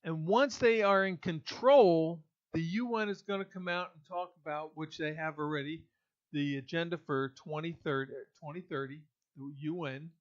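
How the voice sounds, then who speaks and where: A man with a high voice delivers an indignant opinion monologue. He speaks emphatically, with pauses and restarts. The recording is dull and lo-fi. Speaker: political commentator. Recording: dull lo-fi audio.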